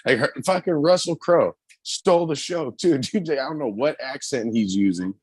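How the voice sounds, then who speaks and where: A man's voice: medium pitch, moderate pace, slightly rough, no echo. Laughing, foul-mouthed man chatting. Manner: profane, laughing, animated storytelling. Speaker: podcast host. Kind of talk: casual chat.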